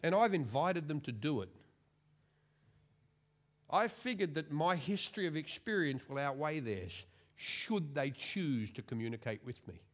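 A man in his forties delivers a sermon as a string of stories. His voice sits a touch high and swings widely in pitch. His delivery is chatty, and he pokes fun at himself. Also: big pitch swings, measured pace. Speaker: preacher. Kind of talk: storytelling sermon.

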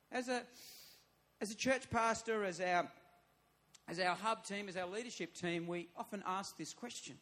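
Man, pastor, sermon, high-pitched voice, emphatic, repetitive phrasing. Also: a bit bright. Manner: emphatic, repeats phrases, builds to raised exhortation. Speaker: church pastor.

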